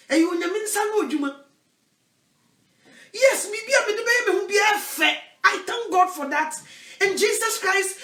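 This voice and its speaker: Here a woman evangelist from Ghana, with a Ghanaian accent, delivers a sermon she recorded herself. She alternates forceful loud proclamations with hushed asides, and the room echoes around a distant mic.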